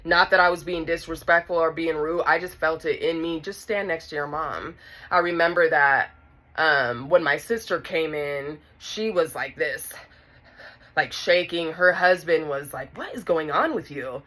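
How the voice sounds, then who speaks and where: A woman recounts a personal story in a casual vlog, talking right to her audience. Her voice sits low but comes across bright and forceful. She tells it with lively, animated energy. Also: unhurried. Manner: animated, talks straight to viewers. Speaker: vlogger telling a personal story.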